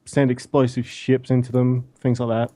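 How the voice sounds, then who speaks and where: A man's voice: medium pitch, completely flat delivery, normal speed, warm tone, no room sound. A man with an Australian accent chatting in a laid-back, easygoing way as a guest on a game stream. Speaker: guest co-player. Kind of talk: casual chat.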